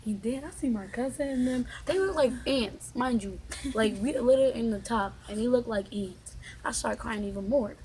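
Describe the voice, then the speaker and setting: A young woman vlogger telling a storytime in casual, slangy, animated chat. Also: fairly high pitch, normal speed, a little hiss or hum, low-quality recording.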